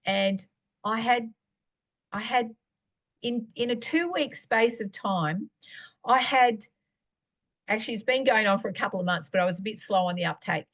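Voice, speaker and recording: A middle-aged woman, sharing a faith testimony in a chatty, animated storytelling way. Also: fairly high pitch, normal speed, long pauses. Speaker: podcast host.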